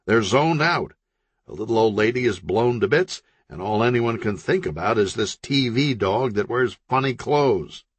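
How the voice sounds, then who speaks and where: A man voicing a blunt, irritable male crime boss who talks in a gruff, impatient, insulting way. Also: mid-range voice, animated, moderate pace, no echo.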